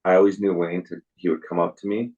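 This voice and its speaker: Deep husky young man, soft-spoken guest. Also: fairly even intonation, highs cut off. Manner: soft, halting, many restarts. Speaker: podcast guest. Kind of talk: casual interview storytelling.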